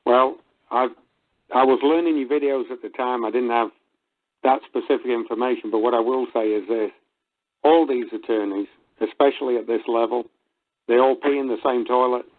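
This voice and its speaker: Man, radio caller; earnest and a bit halting, heard over the phone. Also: medium pitch, steady tone. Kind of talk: call-in radio talk. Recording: tinny phone line.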